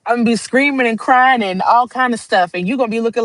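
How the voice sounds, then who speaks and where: Talking fast in a slightly high, fairly bright voice, a woman livestreams a sincere, casual monologue to her viewers, rambling earnestly and laughing often. There's no echo, but the recording is rough.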